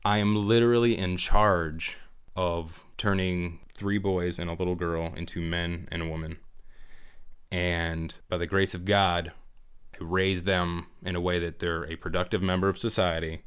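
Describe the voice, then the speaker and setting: A man's voice: low voice, unhurried, clear, resonant tone. A middle-aged man, a former Marine, chatting casually on a podcast, acting out voices and laughing as he tells stories. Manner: animated storyteller, acts out voices, laughs often. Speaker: guest, former Marine drill instructor talking about fatherhood.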